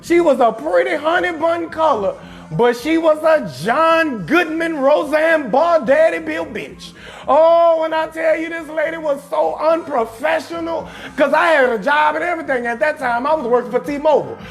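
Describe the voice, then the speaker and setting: A man comedian hosting his show, telling a profane comic story in a loud, emphatic way and often shouting his punchlines. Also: very high voice, moderate pace, soft background music. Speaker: comedian host.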